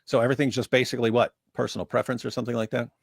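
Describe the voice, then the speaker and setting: A man's voice: medium pitch, level tone, rapid-fire, gravelly, husky, no room sound, studio quality. A man co-hosting a casual reaction stream, arguing emphatically with frequent restarts. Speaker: stream co-host.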